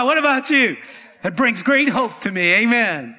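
A man's voice: very high-pitched, expressive, normal speed, pushed and bright. A male pastor preaching a sermon, calling out "amen" and "come on" to the congregation. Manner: preaching with call-and-response, repeated "amen" and "come on". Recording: long hall reverb.

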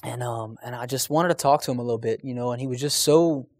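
A man's voice: medium pitch, fast talker, a little mellow, dry recording. A man telling a personal faith testimony in an earnest, conversational way, speaking straight to his listeners.

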